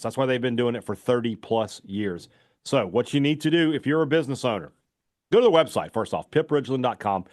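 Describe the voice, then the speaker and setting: A man's voice: mid-range voice, no room sound, clean studio sound. A man hosting a sports talk radio show, reading sponsor ads in a loose, chatty way full of fillers. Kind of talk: casual radio talk with live ad reads.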